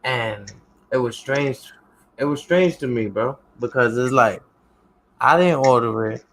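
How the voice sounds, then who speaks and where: A man's voice: mid-range voice, measured pace, a bit bright, rough recording. A man in a casual chat who tells a story in a laid-back way and keeps checking in with his listener.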